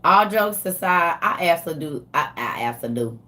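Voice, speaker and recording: Animated woman chatting with her viewers. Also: fairly low pitch, fast. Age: older. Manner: animated, talks straight to viewers as y'all. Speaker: livestream host. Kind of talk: casual livestream chat with viewers.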